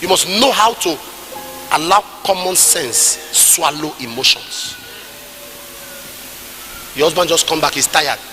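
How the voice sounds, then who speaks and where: A man with a Nigerian English accent preaching a sermon at a church service, moving between quiet asides and shouted, sing-song passages. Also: on the high side, unhurried, pauses often, in a large hall, a little hiss or hum. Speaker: pastor.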